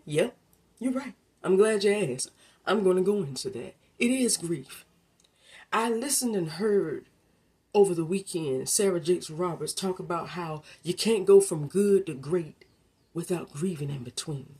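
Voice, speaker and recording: A woman giving a faith-based motivational talk, preacherly and colloquial, addressing the listener directly and swinging from hushed to emphatic. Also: on the low side, moderate pace, slightly rough. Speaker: motivational speaker.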